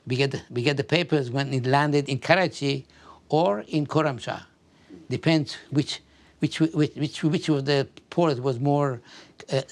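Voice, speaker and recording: His voice sits on the high side as this older man from Afghanistan recounts his life in an oral history interview, pausing haltingly and repeating words often.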